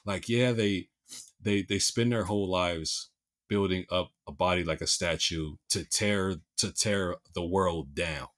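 A man's voice: sits low, measured pace, a bit bright. A male podcast host with a Philadelphia accent, chatting casually and restarting his sentences often with repeated words.

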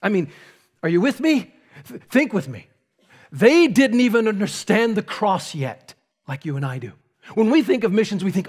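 A man preaching a sermon as pastor, speaking emphatically with dramatic pauses and rising intensity. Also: high voice, very animated, a little mellow, husky. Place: church sanctuary.

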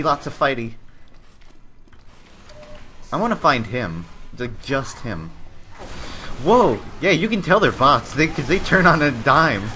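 Lively sarcastic young man, game commentary. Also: mid-range voice, slight background noise. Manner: sarcastic, jokey asides. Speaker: gaming video host. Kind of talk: gameplay commentary.

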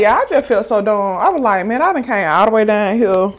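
Female mukbang vlogger, chatty storytime delivery, lively quoting. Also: medium pitch, brisk. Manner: chatty and animated, quoting others in raised voice. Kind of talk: casual storytime to viewers.

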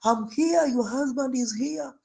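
A man's voice: very high voice, measured pace, gravelly, dark tone, pitched above the performer's own voice, heavily acted. A man voicing a drunken husband who pleads in a sing-song, coaxing way at a locked door.

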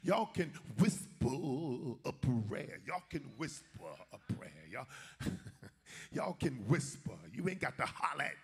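A man's voice: on the high side, animated, normal speed, vocal fry, long pauses, pushed and bright, breathy edge, exaggerated voice. A man preaching in a sermon voices a devout young male captive who prays boldly and refuses to hide his faith, speaking in an emphatic, colloquial way. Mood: mocking.

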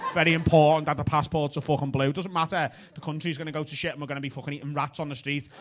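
A man's voice: fairly high pitch, little pitch movement, very fast. A man with a Liverpool accent doing stand-up crowd work on a comedy club stage, cheeky and sweary as he banters with the audience.

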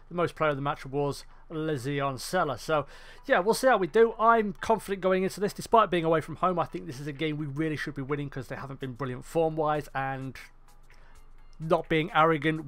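A man's voice: fairly high pitch, fairly quick, fairly bright tone. A young man giving casual, rambling commentary on a football management game, often correcting himself and cracking jokes. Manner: chatty, rambling, self-correcting, jokey. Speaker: gaming YouTuber.

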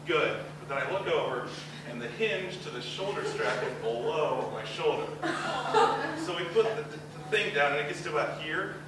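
A young man, a student comic, performs a rambling, self-deprecating stand-up set on a university talent show stage, tossing in quick acted-out asides. His voice is on the high side with lively intonation. The distant, very echoey hall mic picks up heavy background noise, crowd ambience, and audience laughter.

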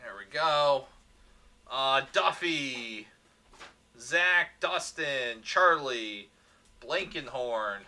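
A man's voice: medium pitch, animated, very slow, long pauses, sharp tone. A man hosting a livestreamed card box break, upbeat, rattling off player names and chatting with viewers.

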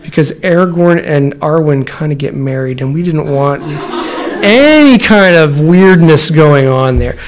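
A man's voice: fairly high pitch, lively intonation, unhurried. A man in his forties giving a personal talk as a professor, rambling and restarting often, growing emotional as he speaks. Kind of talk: lecture with personal stories. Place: lecture room.

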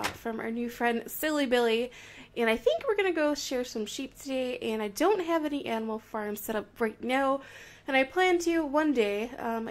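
A young woman with a high, light voice talks through her game in casual commentary. She is bubbly and playful, gushing warmly, and jumps between excited squeals and soft, murmured asides. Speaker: Minecraft video creator.

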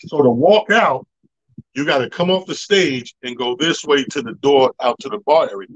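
A man's voice: medium pitch, moderate pace, dull audio. A middle-aged man, a comedian, telling a story in a slangy, emphatic way and acting out both sides.

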